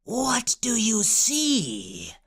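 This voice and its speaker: An ancient chaos witch in a storybook reading, high and shrill, as a male narrator puts her on. She shrieks with greed and then sinks to a slow, scraping whisper. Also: huge pitch swings, fairly bright tone, breathy edge, heavily acted. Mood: slow eerie.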